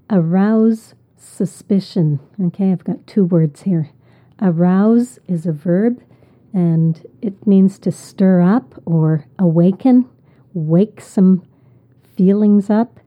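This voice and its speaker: Woman, lower voice, unhurried English teacher, patient repetition, thin phone-quality audio. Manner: repeats each word and explains patiently. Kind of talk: slow, deliberate vocabulary lesson.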